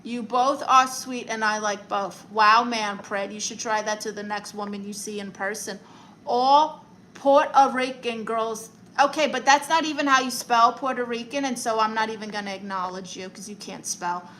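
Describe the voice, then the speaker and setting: With a fairly high, slightly bright voice, this young woman from Brooklyn, New York accent and all, reads comments from viewers during a casual home live stream. She meets them with sassy, playful comebacks, and the rough recording has slight background noise.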